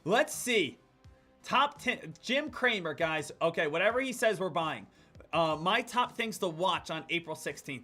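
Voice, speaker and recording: A man giving live day-trading commentary, excitable, jumping between loud hype and quiet muttering. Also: sits high, a little slow, faint music behind. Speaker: day trader streaming his trades.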